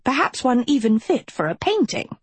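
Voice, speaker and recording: A woman voicing a stern, commanding female evil teacher who speaks in a cold, menacing, forceful way. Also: high-pitched, big pitch swings, moderate pace, breathy edge, dry recording, voice pushed up, heavily acted. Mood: coldly scornful.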